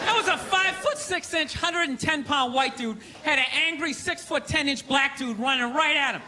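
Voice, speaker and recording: A male stand-up comedian performing a sarcastic, ranting set on a theater stage, often breaking into shouts. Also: very high-pitched, moderate pace, few pauses, over a noisy crowd. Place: theater stage before a live audience. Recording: live theater recording with audience laughter and noise.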